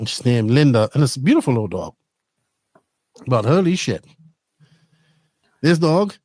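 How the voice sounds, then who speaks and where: A middle-aged man hosting a podcast, chatting casually and telling stories in an animated way, swearing freely. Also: on the high side, no room sound. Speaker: podcast host. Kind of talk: casual chat.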